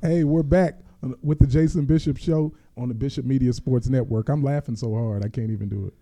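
A man co-hosting sports talk radio, throwing in quick agreeing interjections. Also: medium pitch, dark tone. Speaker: radio co-host.

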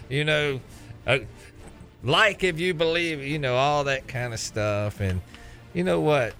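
A man's voice: fairly high pitch, a little slow, a bit bright, soft background music. Opinionated man ranting about football. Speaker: sports radio co-host. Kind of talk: sports talk banter.

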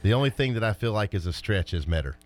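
A man co-hosting a casual sports talk show, answering fast and laughing off his partner's jabs. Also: lowish voice, expressive, darkish tone, faint music behind. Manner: quick, laughing, defensive comebacks. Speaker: sports radio co-host.

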